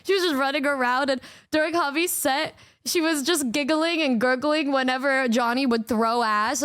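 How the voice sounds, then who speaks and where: A woman streamer chatting casually to her fans, excitable and giggly, swearing freely. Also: high-pitched, no room sound, studio quality. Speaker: singer and streamer.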